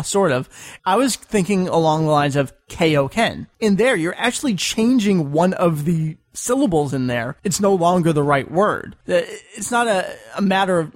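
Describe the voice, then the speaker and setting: A man with a fairly high-pitched voice hosts a casual podcast chat. He explains points patiently and spells them out step by step. His voice sounds dry and close, with no room around it. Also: expressive, moderate pace, dry recording. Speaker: podcast host.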